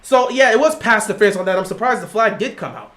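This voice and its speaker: A man hosting a livestream, calling a football game live and lecturing his chat in an animated way. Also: high voice, quick pace. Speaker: livestream host. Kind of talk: live game watch-along commentary. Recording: roomy echo.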